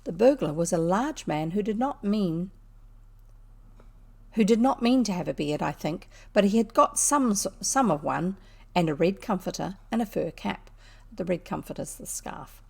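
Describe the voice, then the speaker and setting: A woman reading an old children's novel aloud, unhurried and lively, now and then tripping over a word. Her voice sits in a middle pitch with a gravelly, creaky texture. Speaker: audiobook reader. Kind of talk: storybook narration.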